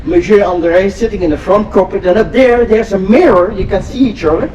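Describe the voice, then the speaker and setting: An older man from Europe telling an audience a story, animated and acting out the dialogue, with repeated phrases. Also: high voice, brisk, dull audio. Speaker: inspirational speaker. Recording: distant mic with faint vehicle noise.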